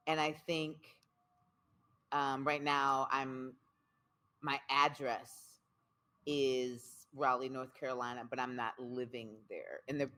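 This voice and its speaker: A woman guest, a spoken word poet, talking candidly in an interview, expressive and emphatic, repeating phrases for rhythm. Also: very deep voice.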